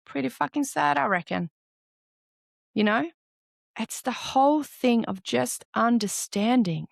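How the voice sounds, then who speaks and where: A woman's voice: a little high, measured pace, gravelly, dry recording, studio quality. Candid, swearing woman podcaster. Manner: candid and animated, swears freely. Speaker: podcast host. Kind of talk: solo motivational podcast talk.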